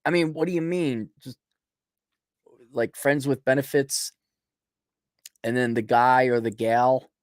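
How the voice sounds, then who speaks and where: A man's voice: medium pitch, fairly even intonation, a little slow, pauses often, no echo, clean studio sound. A man hosting a livestream, reading out viewer donations and answering them in a blunt, sarcastic way with mocking asides. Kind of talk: casual livestream chat.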